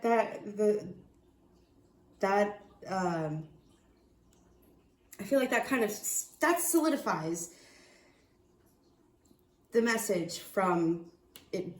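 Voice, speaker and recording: A woman giving a casual tarot reading, excitable and profane, often restarting her sentences. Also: mid-range voice, roomy sound. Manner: excitable, swears, laughs, trails off and restarts. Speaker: tarot reader.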